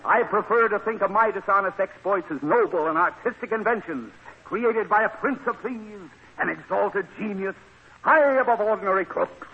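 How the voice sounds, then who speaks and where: A man's voice: high voice, normal speed, breathy edge. An actor playing a pompous male con man who calls himself a prince of thieves, in 1940s radio acting. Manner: pompous, lecturing. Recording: dull, hissy 1940s radio broadcast.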